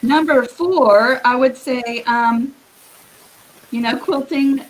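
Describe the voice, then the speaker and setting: A woman giving earnest, encouraging quilting advice as a guest on a live video call, with a husky morning voice. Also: high-pitched, slow, low-quality recording. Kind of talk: live-streamed advice talk.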